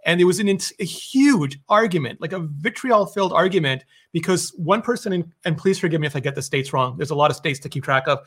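A man talking in a casual, animated conversation, telling stories and laughing easily. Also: fairly high pitch, brisk, few pauses, breathy edge.

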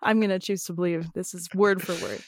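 A woman's voice: fairly low pitch, fairly even intonation, a little fast, no echo, clean studio sound. A woman co-hosting a podcast, reacting in a giggly, playful way. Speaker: podcast co-host. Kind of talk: casual chat.

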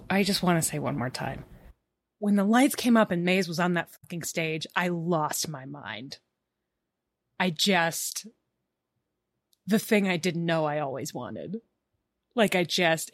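A woman's voice: lowish voice, measured pace, no echo. A woman co-hosting a casual podcast chat, gushing and emphatic, often restarting her sentences. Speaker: podcast co-host. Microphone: remote call mic.

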